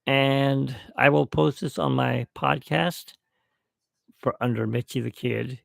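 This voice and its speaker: A middle-aged man talks slowly through a rambling podcast toast, reminiscing as he goes. His voice is deeply gravelly with heavy fry. The sound is dry and close, with no room echo. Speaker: podcast host. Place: at home, alone.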